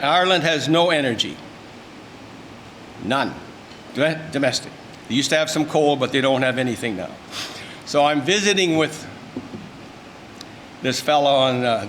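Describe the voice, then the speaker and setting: A man's voice: mid-range voice, a bit bright, a little hiss or hum. An older man, giving a folksy, emphatic, rambling informal speech at a luncheon. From Canada. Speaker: speaker at a luncheon. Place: event room.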